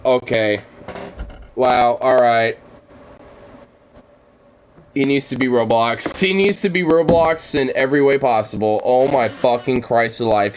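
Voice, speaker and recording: A man's voice: medium pitch, slight background noise, low-quality recording. A man streaming his reaction to a video, ranting angrily and swearing constantly. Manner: angry, swearing rants. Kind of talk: profane reaction commentary.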